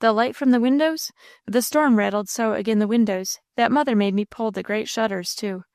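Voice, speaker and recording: A woman doing a rough, deep-voiced country farmer. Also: normal speed, a little mellow, no room sound, clean studio sound, lightly acted. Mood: gruff, neighborly. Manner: homespun country dialect, blunt. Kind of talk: audiobook character reading.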